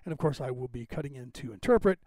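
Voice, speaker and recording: A man's voice: mid-range voice, expressive, fast, darkish tone, no room sound. A man in his fifties with a West Coast American accent, hosting a podcast livestream in a rambling, casual way while he sets up the screen. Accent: General American, West Coast. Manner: rambling, chatty, thinks aloud while fixing the screen. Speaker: podcast host.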